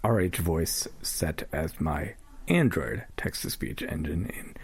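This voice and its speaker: A man's voice: rumbling low, lively intonation, slow, vocal fry, breathy edge. A man giving a casual spoken demonstration of assistive tech. He talks loosely, with fillers and self-corrections, into a portable recorder.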